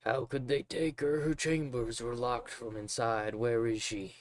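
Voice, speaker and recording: A man's voice: mid-range voice, fairly even intonation, unhurried, close to an everyday voice. A man voicing a drunken, grief-stricken older father who rambles anxiously, reading a game's lines aloud. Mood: anguished, rambling. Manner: rambling, anguished.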